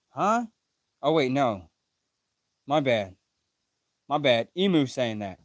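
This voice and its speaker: Lively, unhurried man reacting to a manga. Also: on the high side, dry recording, studio quality. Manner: reads panels aloud, corrects himself, swears casually. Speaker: streamer. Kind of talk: live manga reaction, reading aloud.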